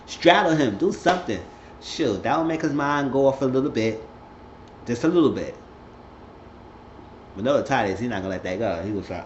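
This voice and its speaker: In a roomy, lo-fi home recording with a little hiss or hum, a medium-pitched, animated man gives a casual, rambling vlog recap at a moderate pace. He pauses often and keeps jumping into character voices.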